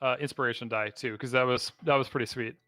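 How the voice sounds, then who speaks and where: Bright-voiced man running the game. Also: mid-range voice, fairly even intonation. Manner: quick affirmations, laughs easily. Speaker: dungeon master. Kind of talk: tabletop game narration.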